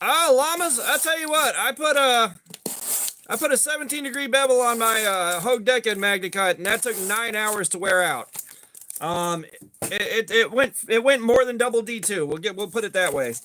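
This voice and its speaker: High, bright-voiced man chatting. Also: normal speed, slight background noise. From USA. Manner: laid-back, greets chat viewers by name, joking. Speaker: knife testing livestream host. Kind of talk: casual livestream chat.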